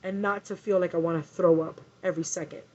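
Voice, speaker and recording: A woman's voice: on the low side, steady tone, quick pace, darkish tone. A woman telling an angry story in a vlog, swearing and repeating herself as she vents. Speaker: vlogger. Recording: muffled lo-fi recording.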